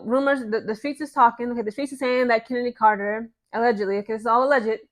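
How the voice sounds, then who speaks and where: Fast-talking sarcastic woman vlogger. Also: fairly high pitch. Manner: sarcastic, exasperated, talks straight to viewers; mocks others in put-on voices. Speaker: sports commentary vlogger. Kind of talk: casual ranting commentary.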